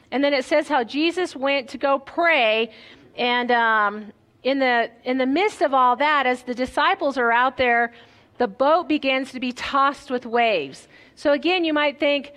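A woman pastor with a high voice delivers a sermon in a relaxed, conversational style. She reads scripture aloud and keeps turning to the listeners with rhetorical questions.

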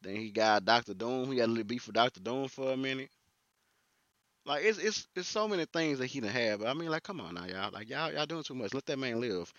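A man co-hosting a casual chat, slangy and animated, often quoting himself. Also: mid-range voice, fairly quick, dry recording, lo-fi sound. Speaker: podcast co-host.

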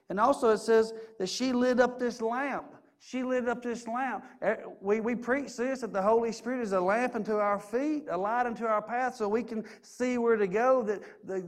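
A man in middle age delivers a sermon in a notably high voice. He speaks earnestly and personally, weaving in his own stories and repeating phrases for weight. His pitch rises and falls as he moves between quiet reflection and emphatic points. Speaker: preacher.

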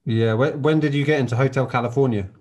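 Man, interviewer, mid-pitched voice, halting questions, casual chat. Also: darkish tone. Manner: hesitant questions with fillers.

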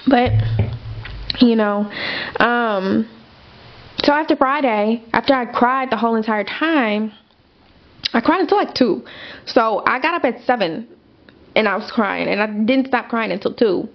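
A woman's voice: a little high, a little slow, long pauses, muffled recording. A young adult woman hosting a podcast, telling a personal story in a candid, chatty way with lots of fillers and asides to her listeners. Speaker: podcast host.

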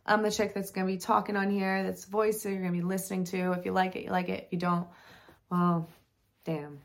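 Blunt, gravelly-voiced woman podcaster. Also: mid-range voice, little pitch movement, fairly quick. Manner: candid and blunt, swears freely. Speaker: podcast host. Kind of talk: casual personal storytelling.

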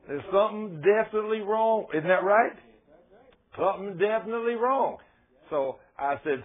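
A man with a somewhat high, husky voice preaches a sermon, acting out the back-and-forth of conversations as he tells his stories. The sound is thin and narrow, like an old radio broadcast heard over a phone line. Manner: storytelling, acting out dialogues.

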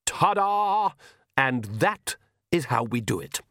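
A suave vampire count, as a male audiobook reader puts him on, smooth and theatrical, mocking everyone around him. His voice sits at a middle pitch and sounds close and dry, with no room around it. The manner stays lordly and amused in a storybook reading. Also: animated, unhurried, a bit bright, dry recording.

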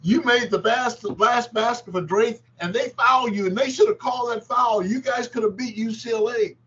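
A man voicing a blunt, gruff older male pro basketball coach, loud and emphatic. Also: extremely high pitch, normal speed, highs cut off, slight background noise, voice pushed up. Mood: indignant.

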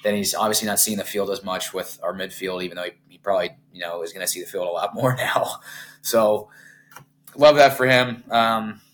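A man's voice: on the low side, fairly quick, a little hiss or hum. An American man co-hosting a casual sports podcast, telling stories candidly and peppering them with "like". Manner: candid, animated storytelling with swearing and "like". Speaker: podcast co-host.

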